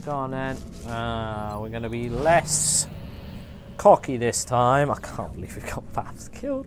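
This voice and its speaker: An English man hosting a gameplay livestream, chatty and excitable, joking with his chat. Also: medium pitch, a little slow, background noise. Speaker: livestream host.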